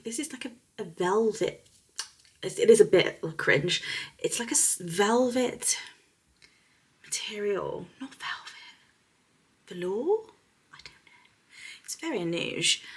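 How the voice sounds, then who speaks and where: Husky young woman chatting about perfume. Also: lowish voice. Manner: chatty, giggly, drifting into soft whispers. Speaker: beauty vlogger. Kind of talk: casual fragrance review to camera.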